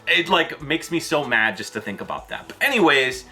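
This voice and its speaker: A man with a bright, forward voice delivers a gaming rant. He talks loosely and exasperated, spiking up high in disbelief. Soft music plays underneath. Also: big pitch swings, brisk. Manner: exasperated, with sudden jumps up in pitch; loose, with fillers and restarts. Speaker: video host. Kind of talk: ranting commentary vlog.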